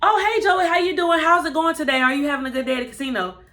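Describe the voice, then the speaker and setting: A woman's voice: sits high, quick pace, fairly bright tone, pitched above the performer's own voice. A woman voicing a sly, scheming young woman who talks in a sugary, overly polite way. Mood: sugary fake.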